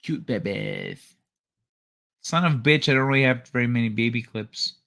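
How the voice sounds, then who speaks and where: Bright-voiced middle-aged male streamer. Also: mid-range voice, fast, clean tone. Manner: loose, profane, joking with chat. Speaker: livestream host. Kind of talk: casual late-night stream chat.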